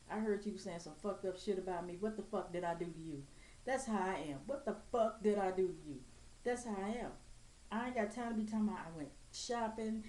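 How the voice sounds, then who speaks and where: A woman's voice: mid-range voice, a little mellow. Blunt, profane woman ranting in an echoey room. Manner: blunt, profane, straight-talking. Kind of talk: blunt profane rant to camera. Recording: echoey room with faint ambient noise.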